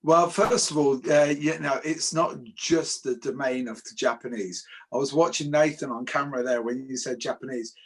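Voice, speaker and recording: A wry, joking man with a slightly husky, mid-pitched voice. He chats on a panel, tripping over restarts and poking fun along the way. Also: steady tone, moderate pace, few pauses. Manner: wry, jokey, stammers on restarts. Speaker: co-host. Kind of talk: casual panel discussion.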